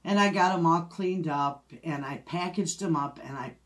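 A woman's voice: fairly low pitch, moderate pace. A middle-aged woman, chatting casually as a homestead vlogger and telling a story with frequent laughs. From Michigan, USA. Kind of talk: casual chat.

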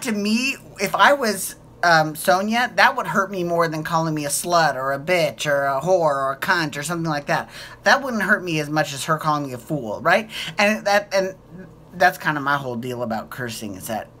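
A woman's voice: low voice, pushed and bright, a little hiss or hum. A woman hosting a casual recap chat, gushing and giggling, often repeating herself. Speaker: podcast host.

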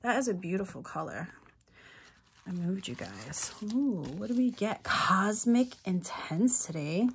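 Excitable giggly woman unboxing at home. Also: mid-range voice, a little slow, a little hiss or hum. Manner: excitable and giggly, self-teasing. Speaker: unboxing vlogger. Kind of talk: casual unboxing chat, reading card aloud.

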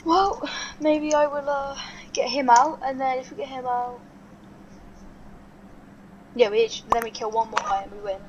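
A woman with a fairly high voice talks through her game as she plays it, thinking aloud and urging herself on. Steady background noise hums under the recording. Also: unhurried, long pauses, dull audio. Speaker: gaming video host. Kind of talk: live gameplay commentary.

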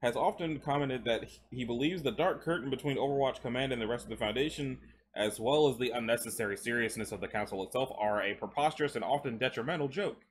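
A man's voice: mid-range voice, fast, slight background noise. A man casually reading stories aloud while chewing gum, breaking off into chatty asides and stumbling over words. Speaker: story reader.

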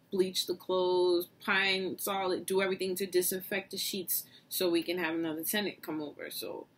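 A young woman vlogger telling a casual storytime, animated and often breaking into laughter. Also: medium pitch, slightly rough.

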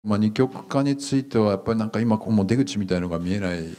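Deep-voiced man on a panel, very fast and hedging, fillers between phrases. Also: mellow. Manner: rapid, hedging with "まあ" and "あの". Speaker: university professor, panelist. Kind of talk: panel discussion.

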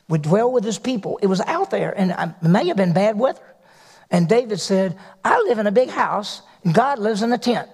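A man preaching in a church, his voice pitched high with a gravelly edge. He tells scripture as folksy stories, acting out the quotes, and a long reverb trails his words through the hall. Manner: folksy storytelling with acted quotes. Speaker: pastor. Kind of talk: sermon.

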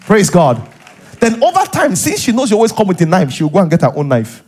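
A man's voice: high voice, sing-song, a little fast, a little mellow, breathy edge. A man with a Nigerian accent, a pastor preaching a sermon in a church, acting out little scenes and repeating points for emphasis. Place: church hall.

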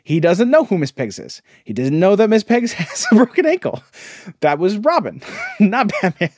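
A man's voice: high voice, very animated, moderate pace, no echo. Guy cohosting a podcast, laughs a lot, mocking and disbelieving, dry close sound. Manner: laughs often, mocking and incredulous. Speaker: podcast co-host. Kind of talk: casual comic chat.

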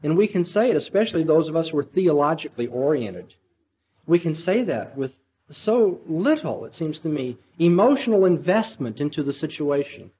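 A man's voice: a little high, sing-song, normal speed, muffled recording. A man giving an earnest, emphatic apologetics lecture, speaking straight to his audience.

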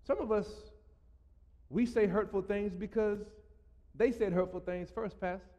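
Pastor, male, playful preaching with laughing asides, slightly high-pitched, reverberant church hall. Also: steady tone, a little slow, mellow, highs cut off. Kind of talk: sermon. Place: church sanctuary.

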